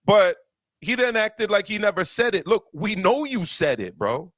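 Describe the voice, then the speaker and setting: Heated boxing show host guy, kinda high voice, dry close sound, keeps hammering his point. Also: sing-song, normal speed, a bit bright, no echo. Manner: emphatic, heated, repeats words. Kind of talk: opinionated casual discussion.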